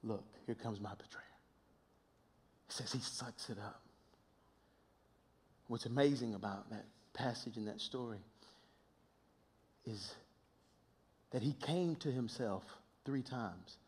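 A man preaching a sermon, swinging between hushed, near-whispered passages and loud, impassioned shouting, often repeating words as he builds. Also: medium pitch, slow pace, pauses often. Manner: repeats words and restarts phrases in bursts.

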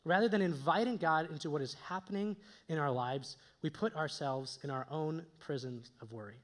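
A man's voice: a little high, moderate pace, few pauses. A young man preaching a conversational sermon, with joking asides to his listeners. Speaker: pastor.

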